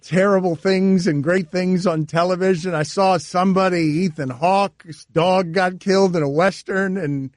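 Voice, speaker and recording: A man's voice: sits high, steady tone, moderate pace, few pauses, dry recording. A male sports radio host in playful, rambling banter with his co-hosts at a studio microphone.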